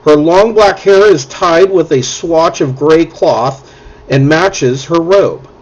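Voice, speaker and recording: A man narrating as game master of a tabletop game in measured, descriptive narration. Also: fairly high pitch, muffled recording.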